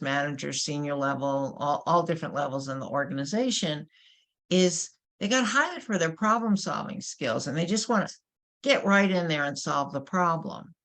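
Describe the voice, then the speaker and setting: Low-voiced woman with a New York accent. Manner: animated, emphatic with rhetorical questions. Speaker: workshop presenter. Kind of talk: webinar presentation. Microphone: webinar microphone.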